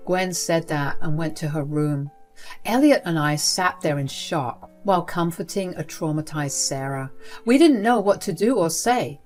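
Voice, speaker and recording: A woman narrating a first-person family story in an even, steady scripted reading. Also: deep voice, unhurried. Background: soft background music.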